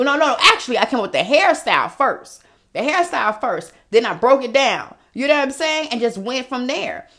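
Woman podcast host, middle-aged, aave, hypes you up loud and blunt, voice sits kinda high. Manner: animated, profane, repetitive pep talk. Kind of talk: motivational talk.

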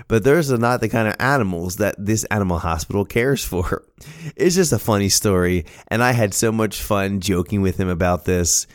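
A middle-aged man hosting a podcast, telling a story in a casual, animated, self-amused way. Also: lowish voice, normal speed, no room sound, studio quality. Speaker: podcast host.

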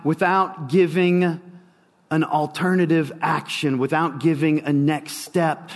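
Slow, dramatic male preacher in a reverberant hall. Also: fairly high pitch. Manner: slow, dramatic delivery with long pauses. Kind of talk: sermon.

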